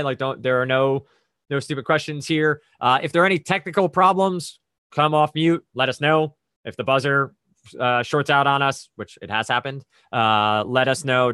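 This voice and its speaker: A man's voice: medium pitch, sharp tone, clear, resonant tone, dry recording, clean studio sound. A man hosting a trivia quiz over a video call, explaining the rules and reading clues in a conversational, methodical way with chatty asides.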